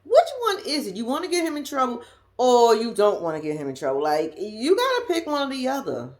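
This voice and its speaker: A woman with a Southern US accent recaps reality TV as a vlogger, offering blunt, sassy commentary and laughing casually. Her voice is fairly high and a little mellow, with huge pitch swings and a brisk pace.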